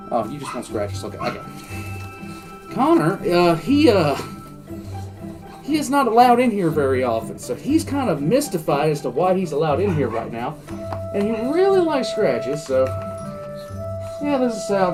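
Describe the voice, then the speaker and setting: A man's voice: sits high, very animated, moderate pace, long pauses, music in the background, rough recording. An older man hosting a reaction channel, chatting casually and talking fondly to his dogs. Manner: chatty, doting baby talk to pets. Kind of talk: casual chat.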